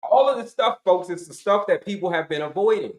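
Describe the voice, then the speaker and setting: A man's voice: high-pitched, expressive, brisk, echoey room. A middle-aged man giving an emphatic, repetitive health coaching talk, asking and answering his own questions to the audience.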